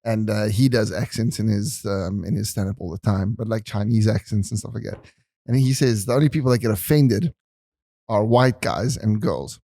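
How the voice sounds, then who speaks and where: A man's voice: lowish voice, normal speed, vocal fry, dark tone, no room sound, clean studio sound. A man hosting a podcast, laid-back and joking in casual slangy chat. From South Africa.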